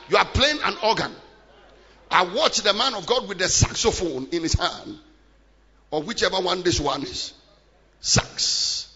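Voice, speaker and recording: A middle-aged man preaching a sermon in a large church hall, swinging between shouted declarations and hushed, low-voiced passages. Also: measured pace, long pauses, husky. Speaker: pastor. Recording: muffled live church recording with long reverb.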